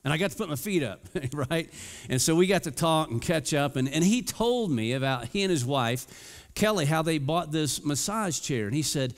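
Animated male pastor in a reverberant church. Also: on the high side, moderate pace. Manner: animated, playful storytelling with acted-out quotes. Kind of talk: storytelling sermon. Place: church sanctuary.

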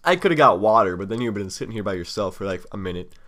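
A young man with a slightly low voice chats loosely as he plays an online card game, teasing his slow opponent and complaining about the wait. His talk is rambling and playful, now and then muffled by chocolate he is chewing. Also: animated, fairly bright tone. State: eating chocolate while talking. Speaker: let's play host. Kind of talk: casual gaming commentary.

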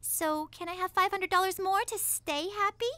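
A shrill, bright-voiced spoiled teen girl in an adult cartoon. She whines and flips between tantrums and gushing, in a dry close studio sound. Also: fairly even intonation, normal speed, no echo. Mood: whiny. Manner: whiny, melodramatic, mood flips. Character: spoiled bratty teen daughter.

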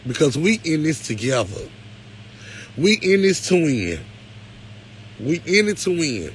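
Male streamer, higher voice, emotional and preachy, light background hum. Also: sing-song, measured pace, poor audio. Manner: emotional, close to tears, preacherly. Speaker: live-stream host. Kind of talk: emotional livestream talk to viewers.

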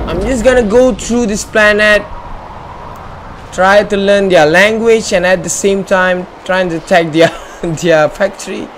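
A man's voice: sits high, a bit bright. A man hosting a casual let's-play video, chatting playfully as he explores, joking and talking back to the game. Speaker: gamer and channel host.

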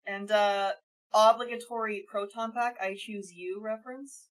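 A woman's voice: mid-range voice, fairly even intonation, a little slow. A woman playing a tabletop game with friends, joking and laughing as she bantering through her turns. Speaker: player.

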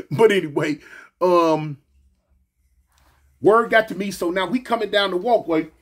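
Male storyteller, casual and slangy, husky voice pitched high, animated delivery. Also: a little slow. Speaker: storyteller recounting his past.

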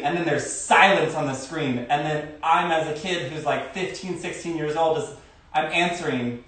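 Man, dance teacher, counting steps aloud, boomy echoey room, picked up from afar. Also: normal speed, a bit bright. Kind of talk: live-streamed dance class. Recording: echoey room, far from phone mic.

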